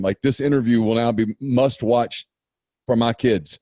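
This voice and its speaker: Middle-aged male host, enthusiastic, warm dark tone, dry close sound. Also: mid-range voice, brisk, no echo. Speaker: podcast host. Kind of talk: interview.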